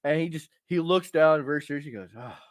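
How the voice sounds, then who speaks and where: Talking fast in a slightly high voice, a podcast host in his thirties spins crude, punchy stories in loose conversation. The sound is clean studio audio with no echo.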